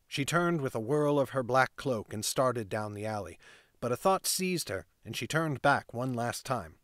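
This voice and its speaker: A man's voice: medium pitch, moderate pace, dry recording. Dry, close male fantasy narrator. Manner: steady reading with casual off-script asides. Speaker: narrator reading a novel aloud.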